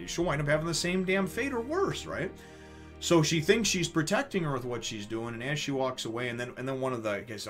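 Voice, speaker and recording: A man's voice: fairly low pitch, fairly bright tone. A man giving a rambling, emotional comic review, full of fillers and restarts. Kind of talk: casual spoken review.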